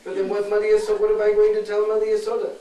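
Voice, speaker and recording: A man's voice: sits high, monotone, rapid-fire, dark tone, pitched above the performer's own voice, lightly acted. A man voicing a worried young sister-in-law asking anxious questions. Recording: distant echoey recording with crowd.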